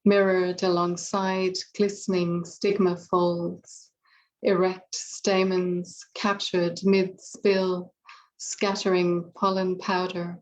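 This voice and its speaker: A woman reading her own poetry aloud with slow, deliberate phrasing. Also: on the low side, little pitch movement, slight background noise, rough recording. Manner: slow, measured, deliberate delivery. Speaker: poet reading her work.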